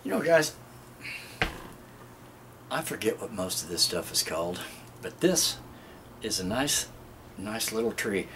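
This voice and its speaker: A man's voice: on the low side, very animated, measured pace, pauses often, background noise. A man hosting a casual show-and-tell garden vlog outdoors, rambling and chuckling often as he talks to viewers. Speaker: gardening video host.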